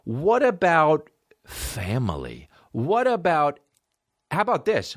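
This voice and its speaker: A man hosting a comedy podcast, ranting profanely and swinging between excited highs and low mutters. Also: takes it slowly, no echo, clean studio sound. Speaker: podcast host. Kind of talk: solo comedy podcast rant.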